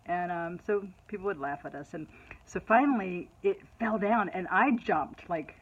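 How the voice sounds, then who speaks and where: A middle-aged woman vlogging to her followers, telling a personal story in a chatty, animated way. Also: lowish voice, normal speed, husky, highs cut off. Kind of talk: casual personal storytelling to camera.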